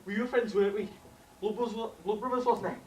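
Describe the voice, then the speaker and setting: A teenage boy playing a rough, desperate working-class lad. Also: high voice, fairly even intonation, quick pace, a little hiss or hum, natural voice. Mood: bitter. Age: teens. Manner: blunt, shouting and near tears at the climax. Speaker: school drama student. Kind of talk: stage play acting. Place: school stage. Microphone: far camera. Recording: echoey hall from far off.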